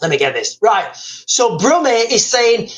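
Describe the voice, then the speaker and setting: A man's voice: sits high, big pitch swings, measured pace, a bit bright, a little hiss or hum, low-quality recording. A man hosting a live stream, talking casually, rambling and repeating himself as he reads out viewer comments.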